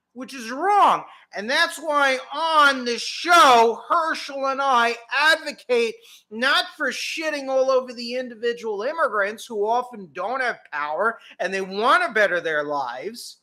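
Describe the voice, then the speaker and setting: A man's voice: very high-pitched, pushed and bright. A man hosting a political commentary show, delivering an indignant, profanity-laced rant. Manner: indignant, swearing, emphatic.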